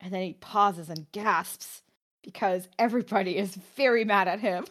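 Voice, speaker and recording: A woman's voice: mid-range voice, normal speed, fairly bright tone. Chatty young woman narrating a game. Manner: chatty, translating game dialogue with frequent fillers. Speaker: game commentator. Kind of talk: casual let's-play commentary.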